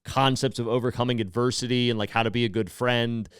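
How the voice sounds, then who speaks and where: A man in his thirties hosting a podcast, talking in a rambling, animated way with swearing and emotional swings. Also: medium pitch, fast, clean tone, no room sound, clean studio sound. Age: 30s. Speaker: podcast host. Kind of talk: casual comedic monologue.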